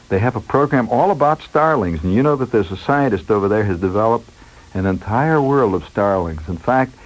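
Husky-voiced man spinning a wry yarn. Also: on the low side, rough recording. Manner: digressive and wry, with chuckles. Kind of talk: rambling storytelling monologue.

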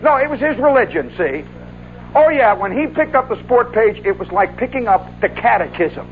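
A man telling a long story in an animated, folksy way, often adding "see" and "oh, yeah". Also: sits high, moderate pace, phone-quality sound, faint music behind. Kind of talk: spoken monologue recollection.

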